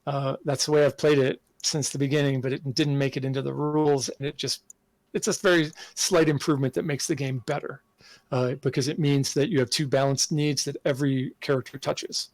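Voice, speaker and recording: A man speaks in a considered, halting manner, pausing often with fillers and restarting his sentences. His voice has a gravelly edge. The sound is dry and close, with almost no room around it. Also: mid-range voice, fairly even intonation, darkish tone, no room sound. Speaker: game designer guest. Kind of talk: podcast interview answer.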